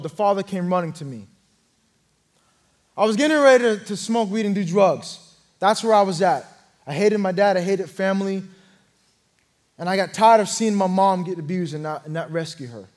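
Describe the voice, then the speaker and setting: A young man preaching an earnest sermon testimony, telling his story and swelling louder at key moments. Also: high-pitched.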